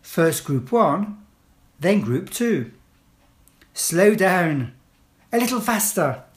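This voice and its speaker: A woman reads classroom phrases aloud as a language teacher, one short phrase at a time. She speaks slowly and deliberately, with a lively voice that rises and falls. Each phrase comes out clear and carefully spaced. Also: lowish voice. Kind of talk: slow read-aloud list of classroom phrases.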